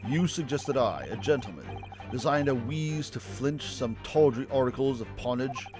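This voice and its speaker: A man reading as a haughty affronted gentleman. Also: mid-range voice, animated, normal speed, music in the background, lightly acted. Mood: indignant. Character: indignant pompous gentleman suspect, male.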